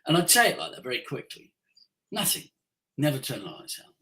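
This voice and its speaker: A voice coach as a podcast guest, talking expressively with big swings in pitch and pace. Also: wildly swooping pitch, fairly quick, bright, forceful tone, low-quality recording. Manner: acts out everyday scenes in changed voices. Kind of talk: podcast interview, coaching talk.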